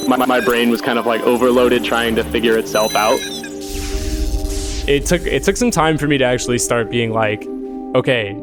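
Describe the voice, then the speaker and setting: A man recounts a personal encounter in loose, rambling speech, tossing in fillers and curses as he goes. His voice sits at an ordinary middle pitch, and a clear music bed plays beneath him. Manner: rambling and shaken, full of "like" fillers and swearing. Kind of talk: casual spoken storytelling. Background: eerie music bed.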